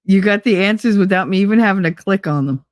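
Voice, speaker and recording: A young adult woman streamer reads online quiz questions aloud while chatting casually, blunt, jokey and swearing freely. Her mid-range voice moves at a quick pace, and there's no echo.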